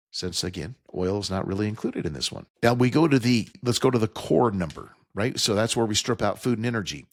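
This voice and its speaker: A man's voice: mid-range voice, vocal fry, husky, no room sound, studio quality. A man hosting a financial talk radio show, stressing key figures and explaining the numbers plainly to his listeners. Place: radio studio.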